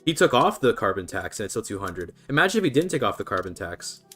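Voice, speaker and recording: A man's voice: on the low side, sing-song, quick pace, fairly bright tone, soft background music. A Canadian man from British Columbia casually commentating a strategy game on a livestream, chatting easily and answering his chat. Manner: chatty, laid-back, reads and answers chat. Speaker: streamer.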